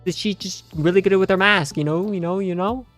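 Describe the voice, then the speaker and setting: A man's voice: steady tone, normal speed, fairly bright tone, faint music behind. A man putting on a mocking, exaggerated voice of a whiny, insecure teenage schoolgirl. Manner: mocking, exaggerated high falsetto.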